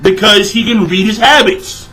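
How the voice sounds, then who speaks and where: Heard on a rough recording, this young man has a high-pitched, pushed and bright voice at a normal pace. His manga chapter review is casual and exasperated, full of constant swearing and filler words, a profane, filler-heavy rant.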